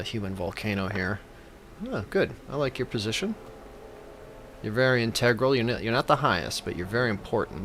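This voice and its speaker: A man's voice: low voice, fairly bright tone, slight background noise. A man giving comedic gameplay commentary as a gaming YouTuber, joking in a playful, mock-reverent way.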